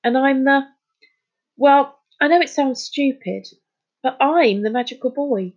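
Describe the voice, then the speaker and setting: A man's voice: very high-pitched, dull audio, pitched above the performer's own voice, heavily acted. A woman voicing an earnest schoolboy who stumbles over his words while confessing something strange, in a storybook reading. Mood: hesitant. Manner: hesitant, halting, pleading. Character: earnest boy who turns dolphin-like.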